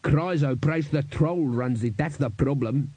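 Man reading an indignant male dwarf for a fantasy audiobook, raised pitch, husky, snappish. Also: a little slow, warm tone, dry recording. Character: hot-tempered shouting male dwarf musician. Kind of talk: audiobook character voice.

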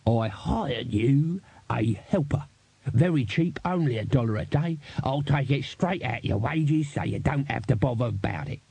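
Man doing a wheedling, smooth-talking trader. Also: mid-range voice, lively intonation, unhurried, dark tone, dry recording, full character voice. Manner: wheedling, soothing. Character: smooth-talking male street trader and promoter. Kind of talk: audiobook character voice.

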